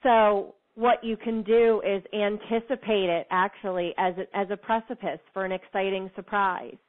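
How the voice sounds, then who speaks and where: A woman speaking as a motivational speaker, earnest and encouraging, who leans on repeated phrases to drive her point home. Her voice sits at an ordinary middle pitch. The sound is thin and tinny, like it came down a phone line. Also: flat delivery, normal speed. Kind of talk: motivational talk to listeners.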